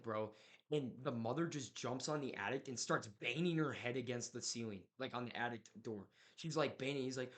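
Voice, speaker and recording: A man's voice: mid-range voice, normal speed, fairly bright tone. A young man in casual chat, retelling a horror movie plot in a rambling way, full of filler words and slang.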